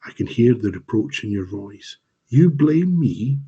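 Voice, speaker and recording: A man, the author, reading his dark fantasy fiction aloud in a slow, measured, dramatic way, over a home mic on a live stream. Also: medium pitch, very animated, slightly rough, lo-fi sound.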